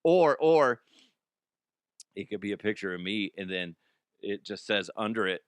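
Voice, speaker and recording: A man's voice: low-pitched, flat delivery, a little fast, a bit bright, clean tone, dry recording. A man hosting a casual sports talk show, joking and self-mocking while reading a sponsor ad. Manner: joking, self-mocking, jumps into silly voices. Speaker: sports radio host.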